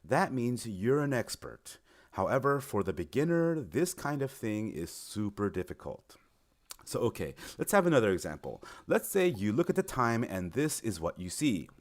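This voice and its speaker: A man's voice: mid-range voice, big pitch swings, moderate pace. A young man giving an informal explainer video, friendly and encouraging, lifting his voice on key words. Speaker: recruiter explaining teaching in China.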